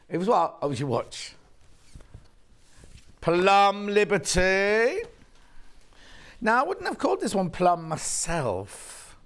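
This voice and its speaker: Lively chatty shopping presenter woman. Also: deep voice. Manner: chatty, bubbly, with joking asides to the crew. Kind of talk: live TV shopping sales chat. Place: TV studio.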